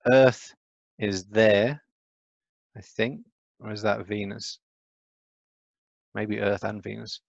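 A man's voice: on the low side, dry recording, dull audio. A man giving a casual, chatty lecture on astronomy, often checking in with "right?".

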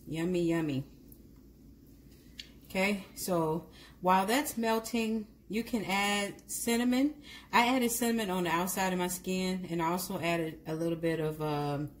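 A cooking vlogger with a lowish voice gives a casual, chatty cooking demonstration, often correcting herself and addressing her viewers directly. There's a little hiss or hum.

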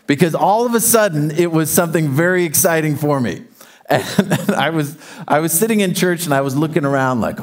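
Guy pastor preaching in a church hall, kinda high voice, lively storytelling. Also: a little fast. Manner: animated storytelling, calls out to the congregation. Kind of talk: sermon. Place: church auditorium.

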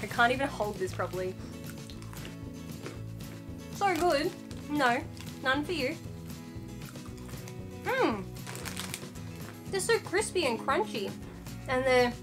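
Woman, high-pitched, gushing, casual home unboxing vlog, music behind. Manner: gushing, excitable, talks to her pet. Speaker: vlogger.

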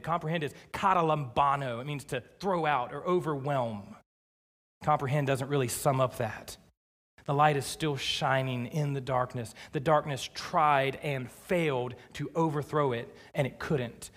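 A man preaching a sermon as pastor, emphatic, slowing down hard on scripture lines. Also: on the high side, a bit bright. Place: church sanctuary. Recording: long church reverb.

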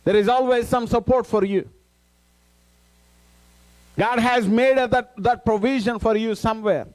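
A man preaching a sermon as a pastor, reading scripture aloud and repeating phrases with emphasis. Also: sits high. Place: church.

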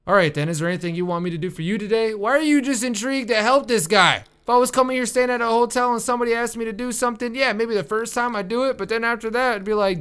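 A man's voice: very high-pitched, fast talker, few pauses, fairly bright tone, clear, resonant tone. A young man commenting on a horror game he is playing, nervous and jumpy, swearing and joking to himself. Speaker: gaming YouTuber.

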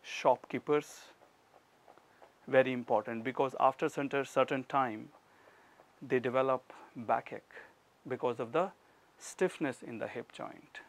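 A middle-aged man with an Indian accent, teaching a yoga class and calmly cueing each breath and movement step by step. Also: medium pitch, measured pace, pauses often. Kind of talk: guided yoga class instruction.

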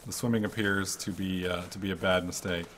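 A man giving casual commentary over his own gameplay, excitable and swearing freely. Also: low voice, a little fast, slight background noise. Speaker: let's-play gamer.

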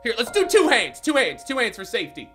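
A man with a high voice gives casual gaming commentary, his pitch leaping all over the place. He swings between grumbling and shouting and swearing. Music plays clearly behind him. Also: a little fast. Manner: excitable, shouting and swearing in frustration. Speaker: gaming YouTuber.

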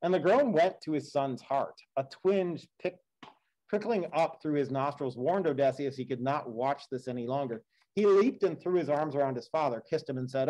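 Mellow male teacher reading aloud. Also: mid-range voice, normal speed, rough recording. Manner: casual, chatty asides with fillers. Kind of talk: read-aloud with classroom commentary.

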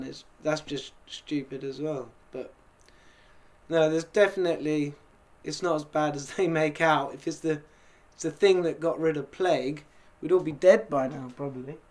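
A man's voice: on the high side, fairly even intonation, moderate pace, a little hiss or hum. Rambling British man chatting casually. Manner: chatty, rambling, chuckling asides. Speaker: host. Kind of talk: casual chat.

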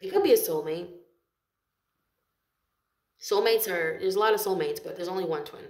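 A woman's voice: on the low side, normal speed, a little mellow, roomy sound. A woman giving a casual tarot reading, talking in a chatty, loose way, swearing freely and laughing often. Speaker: tarot reader.

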